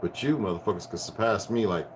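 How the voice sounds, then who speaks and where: A man in his fifties giving a rambling spiritual rant to his viewers, profane and preachy, swinging from loud bursts down to hushed tones. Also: fairly low pitch, fast talker, noisy background. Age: 50s. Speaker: vlogger.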